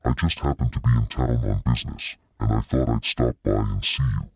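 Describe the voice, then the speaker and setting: Elegant, polite woman in a storybook, read by a man with a husky, deep voice. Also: fairly quick, darkish tone, no echo, dull audio, full character voice. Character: elegant, gracious polished woman.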